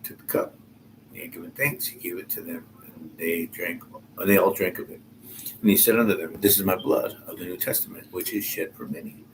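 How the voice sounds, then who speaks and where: A man's voice: low-pitched, fairly even intonation, noisy background. A man reading a Bible passage aloud, stopping often to add informal comments of his own. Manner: reads slowly and pauses to comment, informal asides. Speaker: Bible teacher.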